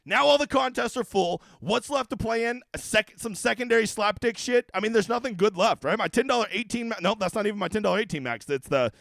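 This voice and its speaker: A man's voice: high voice, animated, fast, creaky, few pauses, a bit bright, no echo. A man hosting a fantasy golf livestream in a casual, profane, ranting way, with brash jokes aimed at his viewers. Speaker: daily fantasy golf streamer.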